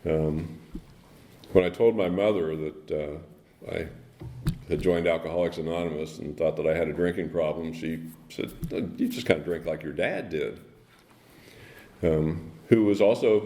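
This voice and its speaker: A man giving a personal recovery story at a speaker meeting, halting, with many ums and restarts. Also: sits low, fairly even intonation, warm tone. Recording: echoey meeting room.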